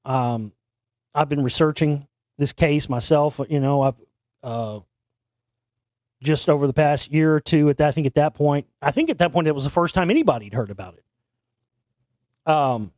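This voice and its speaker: A man's voice: a little high, lively intonation, moderate pace, pauses often, darkish tone, no echo, clean studio sound. A man hosting an internet talk show, telling a long story in a rambling, casual way with frequent restarts and casual swearing. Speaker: podcast host.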